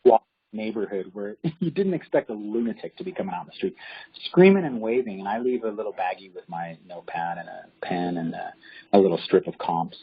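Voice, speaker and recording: A man, a real estate agent, chatting casually in an interview and telling animated stories. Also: lowish voice, brisk, vocal fry. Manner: animated, acts out quoted voices. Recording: dull lo-fi audio.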